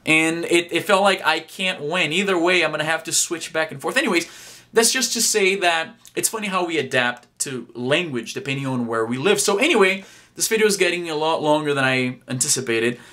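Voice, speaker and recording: Bright-voiced man vlogging casually. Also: a little high. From Brazil. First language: Portuguese. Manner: chatty and rambling, with frequent restarts and casual swearing. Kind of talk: casual vlog talk to camera.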